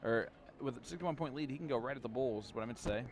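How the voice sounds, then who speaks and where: A man doing live darts commentary in a chatty manner, quick to laugh. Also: mid-range voice, noisy background.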